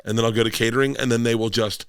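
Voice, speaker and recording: A man's voice: mid-range voice, steady tone, rapid-fire, clear, resonant tone, no room sound, studio quality. A man who is a touring stand-up comedian and podcast guest, telling rambling tour stories in casual chat, swearing freely and acting out other people's lines.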